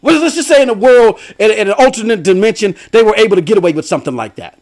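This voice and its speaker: Brief: middle-aged male stream host, high and very lively voice, animated, slangy, laughs often. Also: quick pace. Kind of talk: casual livestream commentary.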